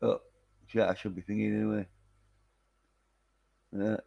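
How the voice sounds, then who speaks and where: Slow, rambling low-voiced man. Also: level tone, creaky, mellow, dull audio. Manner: rambling, filler-heavy, swears casually. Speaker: film reviewer. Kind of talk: casual chat.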